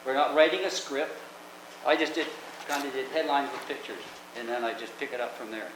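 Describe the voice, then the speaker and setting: A man's voice: mid-range voice, fairly even intonation, fairly quick. An older man, hosting and telling rambling, chatty stories with lots of restarts. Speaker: host. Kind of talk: casual anecdotal storytelling. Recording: echoey room with background noise.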